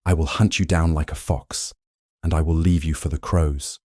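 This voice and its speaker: Man doing a big angry duke, deep voice, shouty, dry sound. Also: fairly even intonation, normal speed, no echo. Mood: menacing. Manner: forceful, shouting then pleading. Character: powerful duke, furious, protective, commanding.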